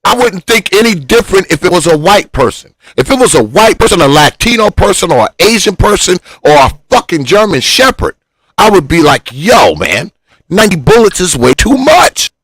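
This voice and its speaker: A man's voice: high-pitched, animated, a little fast, a bit bright, no echo, low-quality recording. A man arguing heatedly on a talk show, pressing his points and repeating himself.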